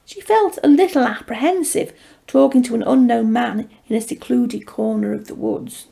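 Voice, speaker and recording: A woman author reading her own fantasy story aloud in a measured, steady way. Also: on the high side, vocal fry. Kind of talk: storybook narration.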